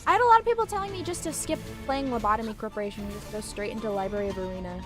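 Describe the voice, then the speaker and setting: A woman's voice: medium pitch, racing, over music. A woman streaming a game, chatting casually and swearing as she reacts to it, on a desk microphone at home. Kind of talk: live let's-play commentary.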